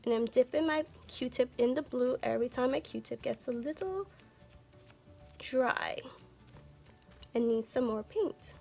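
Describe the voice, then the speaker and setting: Woman art teacher for kids, gentle and encouraging, fairly high voice, faint music behind. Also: a little slow, gravelly, pauses often. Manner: gentle, encouraging, talks to viewers directly. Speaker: art instructor. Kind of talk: children's art lesson.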